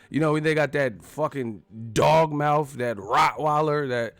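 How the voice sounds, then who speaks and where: A man hosting a live stream, profane and animated, acting out the people he talks about. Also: on the high side, measured pace, smooth, no echo. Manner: profane, animated, acts out quotes. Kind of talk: casual live-stream commentary.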